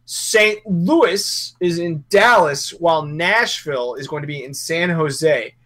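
Casual male sports podcast co-host, slightly high, bright and forceful voice, loose joking delivery. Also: slow. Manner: rambling, joking, self-correcting.

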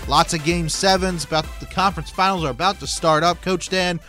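A man's voice: sits high, fairly even intonation, brisk, pushed and bright, faint music behind. A man hosting a hockey podcast, opening the show and chatting in an upbeat, teasing way. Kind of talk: casual sports chat.

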